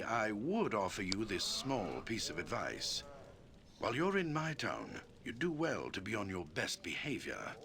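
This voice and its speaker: An actor playing a formal, protective town leader in a game, speaking with commanding, measured words. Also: male voice, mid-range voice, bright, forceful tone. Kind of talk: game voice acting.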